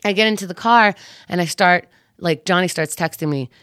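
A woman's voice: fairly low pitch, brisk, smooth, no echo, studio quality. A woman telling a wild night-out story in casual chat, swearing freely and acting out what people said. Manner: animated, profane, acts out quotes.

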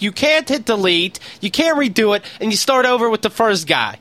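Animated, high-voiced ranting man. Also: moderate pace, few pauses. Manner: animated ranting with exaggerated mimicry of phone menus. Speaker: podcast co-host. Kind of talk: casual comedic podcast banter.

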